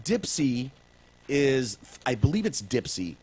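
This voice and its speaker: A man's voice: medium pitch, sing-song, slow pace, darkish tone, husky. A man co-hosting a casual comedy podcast, telling stories in a jokey way and now and then slipping into silly put-on accents. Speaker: podcast co-host.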